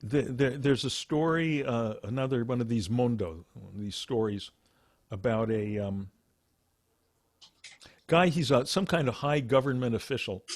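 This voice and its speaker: A man, a meditation teacher, telling Zen stories in a casual, animated way with laughs and asides. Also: mid-range voice, a little slow, no echo. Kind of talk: casual spiritual talk.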